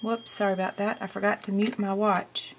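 American woman, mid-pitched, chatty craft demonstrator, dish clatter behind. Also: a little fast, gravelly, slight background noise. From United States. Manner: chatty and excitable, talks while working. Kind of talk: hands-on crafting tutorial.

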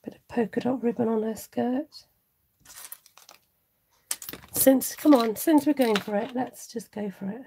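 A woman hosts a live card-making stream, chatting casually, reading viewer comments aloud and often murmuring asides to herself. Her voice is on the high side, gravelly and mellow, at a measured pace with long pauses, and there's a little hiss or hum.

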